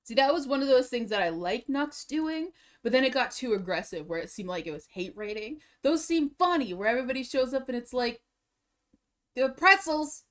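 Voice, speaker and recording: Giggly young woman streamer, slightly high. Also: a little fast, hardly any pauses. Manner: giggly, excitable, breaks into frequent laughter. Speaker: streamer reacting to videos. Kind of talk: casual reaction chat.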